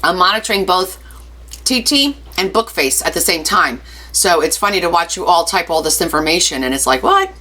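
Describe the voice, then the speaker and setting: Woman, craft live-stream host, bright clear voice, chatty, playful asides, reads out viewer comments. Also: lowish voice, lively intonation, a little fast. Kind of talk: casual live-stream chat.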